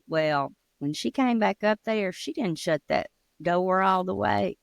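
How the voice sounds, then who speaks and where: A woman's voice: expressive, measured pace, gravelly, no echo. Lady in her 50s telling a ghost story, dramatic, dry close audio. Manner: dramatic storytelling, drops pitch for spooky parts. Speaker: co-host, storyteller.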